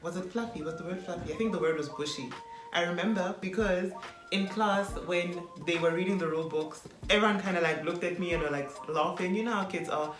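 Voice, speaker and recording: A woman from South Africa tells her stories in a lively, animated way, with laughs mixed in. She sounds like she is in a roomy, echoing space. Music plays clearly behind her. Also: lowish voice, a little fast. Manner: animated storytelling, laughs often. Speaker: vlogger. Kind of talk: casual chat.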